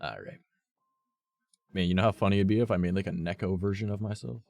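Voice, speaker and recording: Low-voiced rambling male streamer. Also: steady tone, fast talker, a little mellow, no echo, faint music behind. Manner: rambling, swears often, heavy use of "like". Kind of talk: casual chat with a live stream audience.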